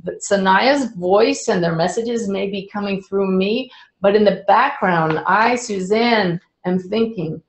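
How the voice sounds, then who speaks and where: Calm older woman, echoey room. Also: mid-range voice, unhurried, slight background noise. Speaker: spiritual medium. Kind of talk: explanatory talk to a live audience. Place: indoor event room with an audience.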